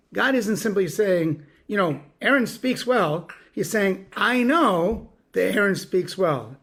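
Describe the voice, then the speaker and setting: A man taking part in an online study class, reading translations aloud and commenting in a measured way. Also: sits high. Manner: measured, reads quotes slowly. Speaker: class participant. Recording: video call audio.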